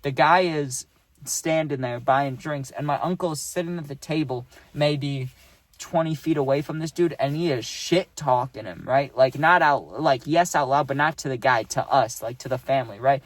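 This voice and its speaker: A young man tells a storytime casually, rambling along and tossing in "right?" and "dude" as he goes. He acts out quotes in animated voices, speaking at medium pitch and normal speed with no echo.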